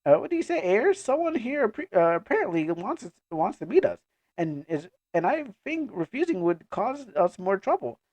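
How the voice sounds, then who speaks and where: A fretful, caring young girl with a very high falsetto voice, as a man puts her on. The pitch leaps around a lot, and the voice is heard close and dry over faint music. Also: big pitch swings, normal speed, darkish tone, no room sound, highs cut off. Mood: coaxing.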